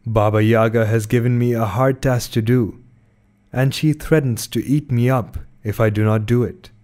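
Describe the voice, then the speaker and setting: A man reading a gentle frightened young girl. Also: mid-range voice, fairly even intonation, normal speed, lightly acted. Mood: pleading.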